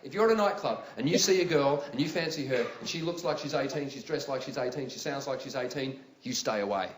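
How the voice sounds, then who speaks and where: A man with an Australian accent performing a stand-up comedy routine, telling stories animatedly and bursting into yells. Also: mid-range voice, fast, slight background noise. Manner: animated storytelling, acts out voices, big yelling bursts. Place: live venue with audience laughter. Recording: roomy live venue sound with loud ambience.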